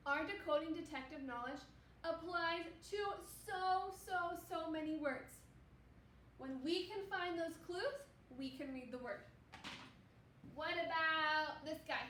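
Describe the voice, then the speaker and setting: A woman teaches early reading to young children, stretching out each sound and praising often. Her voice sits high and her pace is slow and patient. The room echoes a little, and faint noise stays in the background. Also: fairly bright tone, distant mic. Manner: slow, encouraging, sounding out words. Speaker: second grade teacher. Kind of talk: phonics lesson for children.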